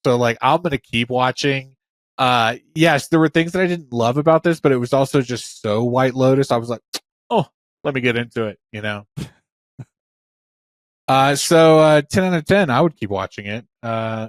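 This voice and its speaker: A man co-hosting a casual podcast, talking in an animated and enthusiastic way, now and then swearing. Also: mid-range voice, moderate pace, no room sound, studio quality. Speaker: podcast co-host. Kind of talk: casual chat.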